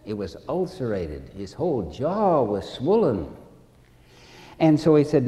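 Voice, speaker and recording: A man preaching a sermon with slow, deliberate delivery, repeating key phrases and acting out stories. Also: on the low side, expressive, warm tone, long reverb tail.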